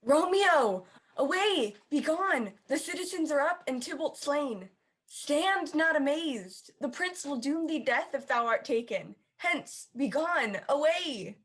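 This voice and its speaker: A woman's voice: high voice, animated, takes it slowly, a bit bright, full character voice. A woman playing a forthright young nobleman who speaks urgently in a staged reading.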